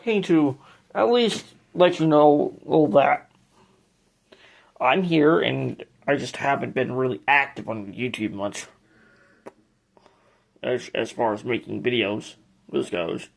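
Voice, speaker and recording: A man's voice: mid-range voice, takes it slowly, gravelly, pauses often. A man hosting a casual tour of his ceiling fan collection, speaking in a hesitant, rambling way with frequent restarts.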